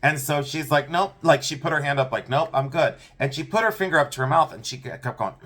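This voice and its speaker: A man's voice: on the high side, a bit bright. A man hosting a vintage jewelry sale preview, chatting enthusiastically and telling a rambling story. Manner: chatty, enthusiastic, talks fast and repeats himself. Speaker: host selling vintage jewelry. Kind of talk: casual live-sale chat and storytelling.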